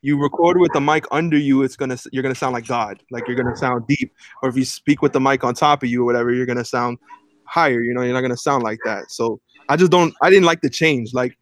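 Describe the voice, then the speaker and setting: A man in mid pitch talking on a casual podcast, rambling through his points with lots of fillers and false starts. The sound is dry and close, with almost no room around his voice. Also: quick pace, no echo. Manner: rambling, many fillers and restarts. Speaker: podcast co-host.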